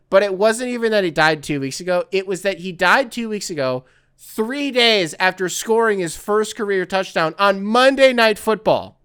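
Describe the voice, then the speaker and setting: A man hosts a casual sports podcast, reading a listener's email aloud and stopping often to laugh and riff. His voice is smooth and a little high for a man. The sound is close and dry, with no room behind it. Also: a bit bright, no room sound. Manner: laughs often, riffs and swears while reading. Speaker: podcast host.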